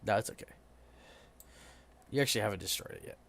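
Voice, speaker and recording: A man's voice: on the low side, fast talker, gravelly, fairly bright tone, a little hiss or hum. A man running a tabletop game as game master, rambling and often correcting himself.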